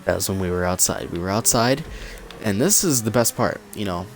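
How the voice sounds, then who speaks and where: A young man casually telling a personal story on his channel, acting out what people said with lively energy. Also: lowish voice, brisk. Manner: animated storytelling, acts out quotes. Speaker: vlogger. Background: cat in the room.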